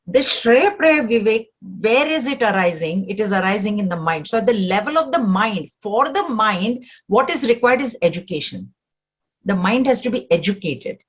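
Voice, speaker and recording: A woman's voice: fairly high pitch, breathy edge, muffled recording. A woman teaching a spiritual scripture class, explaining step by step and asking rhetorical questions.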